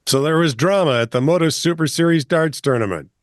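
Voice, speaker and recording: A man's voice: a little high, a little fast, no room sound, clean studio sound. A man co-hosting a comedy news podcast, reading headlines in a chatty way and laughing often. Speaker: co-host. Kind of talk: casual news banter.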